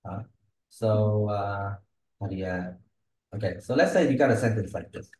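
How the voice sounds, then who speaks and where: A man giving one-on-one pronunciation feedback as an English speaking tutor. His voice is mellow and dark, and he checks in constantly with short questions while he models words for the student. The recording has a roomy echo. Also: lowish voice, normal speed. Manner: coaching, models pronunciation, checks in with "yeah?" and "okay?". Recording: echoey room.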